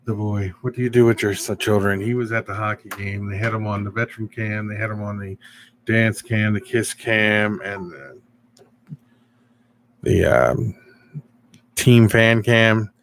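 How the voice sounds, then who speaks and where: Middle-aged male streamer, lowish voice, loose rambling chat with viewers. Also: steady tone, a little slow, slight background noise. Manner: rambling, chatty, reads viewer comments. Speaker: live stream host. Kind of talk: casual live stream chat.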